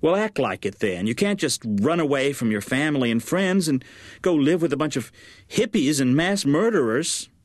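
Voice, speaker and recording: A man's voice: on the high side, lively intonation, moderate pace, dry recording, studio quality, pitched above the performer's own voice. A man voicing an anxious, overwrought middle-aged mother in an audiobook, pleading with her daughter. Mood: fretful. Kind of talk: audiobook character voice.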